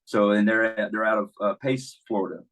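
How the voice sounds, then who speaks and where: A guest on a relaxed podcast, this baseball coach spins stories loaded with fillers and false starts. He speaks at normal speed in a lowish, slightly bright voice with fairly even intonation, though the recording is rough.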